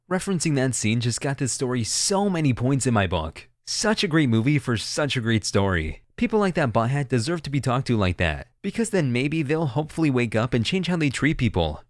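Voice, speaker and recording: A man reading stories as scripted narration, his voice at a mid pitch. He reads with a lot of rise and fall. The sound is dry and close, with no room around it. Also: sing-song, fairly quick, few pauses, no room sound. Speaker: story narrator.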